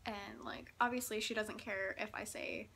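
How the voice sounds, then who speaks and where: A woman's voice: mid-range voice, steady tone, moderate pace, pushed and bright, a little hiss or hum. A young woman from Texas telling a story in a chatty vlog, giggling often and saying "like" a lot. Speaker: vlogger.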